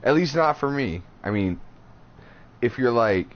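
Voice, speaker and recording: A man's voice: medium pitch, expressive, unhurried. A man in his thirties co-hosting a podcast, telling a crude, rambling story in casual chat. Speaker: podcast co-host. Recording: slightly dull podcast audio with faint hiss.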